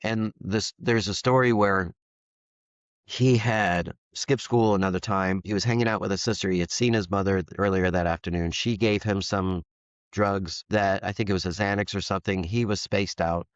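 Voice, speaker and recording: A man's voice: low voice, fairly even intonation, normal speed, no room sound, dull audio. A man in his fifties, a foster parent, telling a candid personal story in an interview and acting out the dialogue. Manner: earnest, candid, acts out quoted dialogue.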